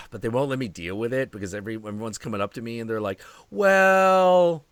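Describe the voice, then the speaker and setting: A man's voice: fairly low pitch, racing, no room sound. A man hosting a stream, telling stories in a casual chat and acting out quotes, swearing freely. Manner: animated storytelling with profanity and acted-out quotes. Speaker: stream host.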